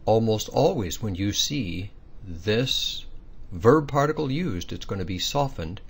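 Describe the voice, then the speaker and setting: Guy teaching pronunciation, slightly low husky voice, patient step by step explaining. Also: lively intonation, unhurried. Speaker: language teacher. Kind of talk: recorded pronunciation lesson.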